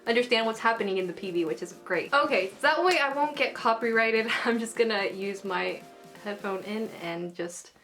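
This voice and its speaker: A young woman talking casually to her viewers, gushing and rambling with lots of fillers as she shares her excitement. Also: fairly high pitch, moderate pace, faint music behind. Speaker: anime vlogger. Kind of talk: casual fan commentary vlog.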